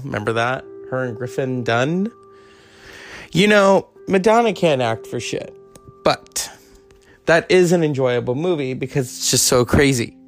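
A man hosts a podcast alone, talking in a loose comic monologue full of tangents and asides. His mid-pitched voice carries a gravelly edge, with faint music behind him. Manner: rambling, joking, full of tangents. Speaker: podcast host.

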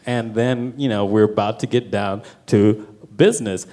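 A young man doing stand-up, telling a wild story with lots of profanity and animated delivery. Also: on the low side, normal speed. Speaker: stand-up comedian.

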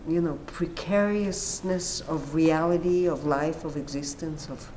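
Animated, unhurried woman explaining literature. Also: sits low, slight background noise. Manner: animated, acts out quoted dialogue. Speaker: literature commentator. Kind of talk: conversational explanation.

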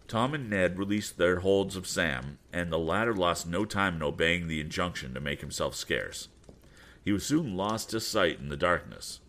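A man reading a storybook aloud, animated and sometimes stumbling over words. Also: deep voice, a little slow. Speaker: audiobook reader. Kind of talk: storybook narration.

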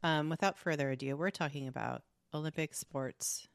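A woman with a low, dry-sounding voice, chatting casually as a podcast co-host. She jokes, swears freely and laughs often between the facts she reads out. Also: moderate pace, creaky, dry recording. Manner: joking, profane, laughs often. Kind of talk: casual chat.

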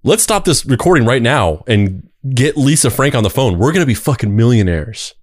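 A man's voice: mid-range voice, big pitch swings, moderate pace, no room sound, studio quality. A man co-hosting a podcast who breaks in with wry jokes in casual banter. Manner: wry, jokey interjections. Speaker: podcast co-host.

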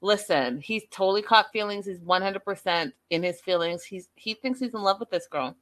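A woman hosting a casual live show, recapping a reality series and reading out viewer comments in a chatty, expressive way. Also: mid-range voice, normal speed.

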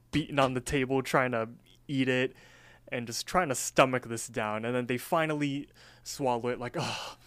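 Recorded dry, this man's mid-range voice sounds clear, resonant and fairly bright. He co-hosts a podcast and gives a loose, filler-heavy recap of a cartoon episode in a casual, rambling way.

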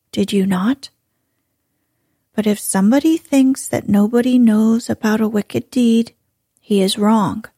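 A woman's voice: fairly high pitch, slightly rough, dry recording, clean studio sound, full character voice. A woman whispering as a kind old grandmother. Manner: soft, kindly, coaxing. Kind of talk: whispered role-play.

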